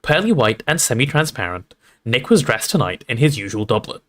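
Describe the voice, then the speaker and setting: A man reading a storybook aloud to a livestream audience in an expressive, relaxed storytelling manner. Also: medium pitch, a little fast. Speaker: streamer reading aloud to chat.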